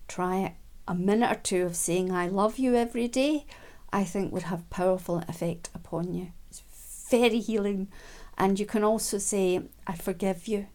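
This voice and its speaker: Soft-spoken woman, self-help talk. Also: medium pitch. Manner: soft, unhurried, with many ums and quiet laughs.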